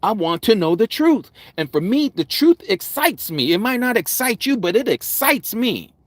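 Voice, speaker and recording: A man preaching a Bible study sermon, loud and vigorous, with mounting intensity. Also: sits high, sing-song, normal speed, dry recording. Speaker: Hebrew Roots Bible teacher. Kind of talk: impassioned livestream sermon.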